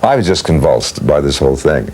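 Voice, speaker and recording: Very deep-voiced older man telling stories. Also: big pitch swings, a little fast, a little mellow, a little hiss or hum. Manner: leisurely anecdotal telling, acts out quotes. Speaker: interviewee recalling work as a voice actor. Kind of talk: storytelling interview.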